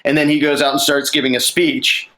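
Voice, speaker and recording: A man's voice: a little high, flat delivery, brisk, pushed and bright, low-quality recording. A man talking casually about a film script he is writing, rambling with restarts and acting out lines. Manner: rambling, many restarts and fillers, acts out lines. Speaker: screenwriter.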